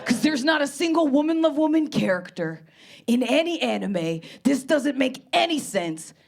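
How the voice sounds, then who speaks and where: A woman's voice: high-pitched, big pitch swings, normal speed, gravelly, heavily acted. A woman voicing an eager young man who gushes breathlessly about anime. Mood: gushing.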